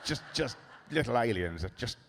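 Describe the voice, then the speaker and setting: A man doing a stand-up comedy set in a club, sardonic and profane with deadpan asides. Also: medium pitch, normal speed, vocal fry, slight background noise.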